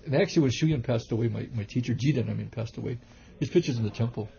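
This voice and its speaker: Fast, gravelly man telling stories. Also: mid-range voice. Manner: rambling, animated anecdotes with many restarts. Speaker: kung fu teacher and reverend. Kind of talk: casual interview storytelling. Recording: dull lo-fi recording.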